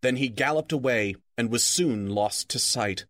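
A man reading a novel aloud as a radio story reader, in an even, measured storytelling manner. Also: medium pitch, dry recording, studio quality.

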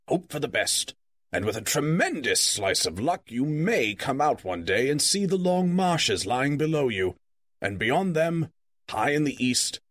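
A man reading a story aloud, voicing a brisk, teasing old wizard in a lively, raised voice. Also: mid-range voice, no echo, clean studio sound.

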